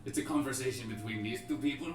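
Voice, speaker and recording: A man's voice: mid-range voice, fast, recorded from a distance. Young man player, away from the mic. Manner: playful, laughing. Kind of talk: tabletop role-play. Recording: echoey room, away from the mic, music behind.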